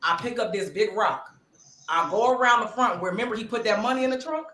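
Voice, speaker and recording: A woman co-host tells a story with lots of drama and acts out every person in it. Her voice is bright and swings widely in pitch. It sounds like she is in a roomy space with some echo. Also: lively intonation, fast. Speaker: podcast co-host. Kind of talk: animated storytelling.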